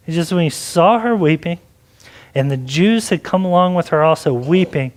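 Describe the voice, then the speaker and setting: A man with a fairly high voice preaches a sermon in a loose, conversational way. He leans on "like" and keeps asking questions as he moves through the passage. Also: a little mellow. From Texas. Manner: conversational preaching with many likes. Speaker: pastor.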